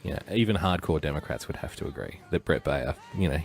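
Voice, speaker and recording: A man's voice: rumbling low, animated, quick pace, soft background music. A man hosting a livestream, rambling through casual commentary with joking asides and chuckles. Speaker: livestream host.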